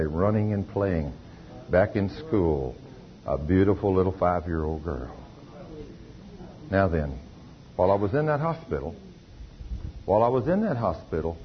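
A man's voice: deep voice, a little hiss or hum. A man preaching a sermon, telling testimony stories with emphatic delivery. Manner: emphatic, testifying with acted quotes. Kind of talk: sermon storytelling. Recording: dull lo-fi recording.

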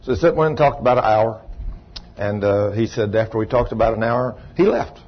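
Folksy preacher, muffled recording. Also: male voice, lowish voice, brisk. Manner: folksy, rambling storyteller with shouted bursts of praise. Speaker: pastor. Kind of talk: sermon storytelling.

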